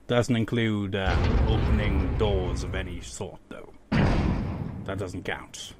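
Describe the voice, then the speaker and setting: A man's voice: on the low side, flat delivery, slow, noisy background. A man giving casual, sarcastic commentary while playing a video game, swearing often and talking back to the characters. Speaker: let's play gamer. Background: game music.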